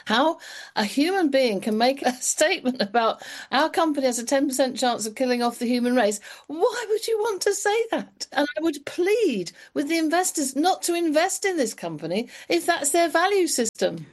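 A woman's voice: high voice, expressive, moderate pace. A woman giving an indignant, pleading comment in a news clip. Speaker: interviewee.

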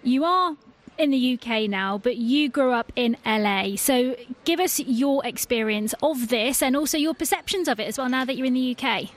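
Bright-voiced woman radio host. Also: high voice, expressive, moderate pace. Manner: inviting, prompting guests. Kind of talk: radio discussion.

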